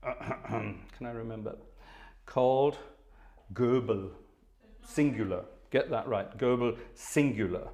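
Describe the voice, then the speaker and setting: A chatty man at a mid-range pitch talks viewers through his setup in a loose, self-deprecating way. He hosts a live organ stream and speaks casually between pieces. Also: a little mellow.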